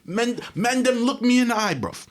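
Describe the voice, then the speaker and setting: A man's voice: very high voice, animated, moderate pace, voice pushed up. An American man doing an exasperated young British man with a put-on London accent, ranting and repeating slang tags.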